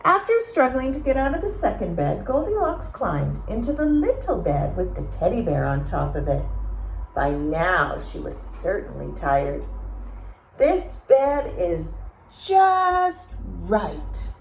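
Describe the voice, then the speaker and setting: A woman reading a children's story aloud, slow and expressive, pausing to ask the listeners questions. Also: on the low side, gravelly, a little hiss or hum. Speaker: storytime reader. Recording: echoey room.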